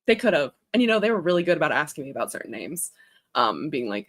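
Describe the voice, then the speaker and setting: A chatty young woman in casual conversation, her fairly low voice swinging up and down as she rambles. She laughs often and talks in an easy, animated way. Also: quick pace, slightly rough. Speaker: author and livestream host. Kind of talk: casual chat.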